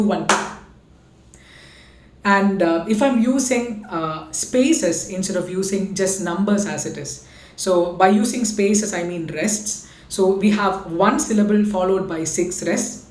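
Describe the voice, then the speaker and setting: A woman's voice: medium pitch, darkish tone. Indian woman teaching rhythm, echoey room. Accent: Indian English. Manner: patient, explanatory, counts beats aloud. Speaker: music teacher. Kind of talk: rhythm lesson, reciting konnakol syllables.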